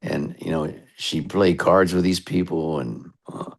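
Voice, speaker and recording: American radio DJ guest, deep and gravelly, spins loose anecdotes. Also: male voice, fairly even intonation, a little slow. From United States. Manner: chatty, rambling anecdotes. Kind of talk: casual storytelling interview.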